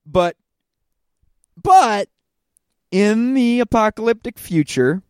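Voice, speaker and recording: A man co-hosting a podcast in casual chat, jumping in with quick, animated asides and speculation. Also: high-pitched, clean tone, no echo, clean studio sound. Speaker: podcast co-host.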